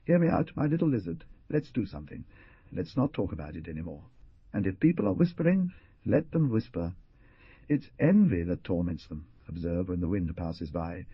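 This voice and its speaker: A man's voice: deep voice, expressive, moderate pace, dry recording, dull audio. Man doing a stern proud old villager. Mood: stern lecturing. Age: older. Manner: gruff, lecturing.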